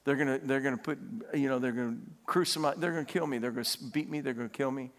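A man's voice: mid-range voice, steady tone, quick pace, voice pushed down, lightly acted. A man voicing a patient, good-humored teacher who talks in a casual, buddy-like way. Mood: grave. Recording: long hall reverb.

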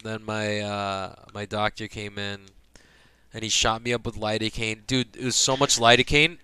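A young man casually telling a hospital story, profane and animated, acting out the people he quotes. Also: on the low side, normal speed, smooth, no room sound.

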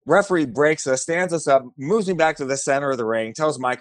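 A man's voice: mid-range voice, fast talker, no room sound. A man, a former fighter, telling a story in a casual chat and acting out the voices of the people in it. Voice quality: animated, acts out voices in his stories.

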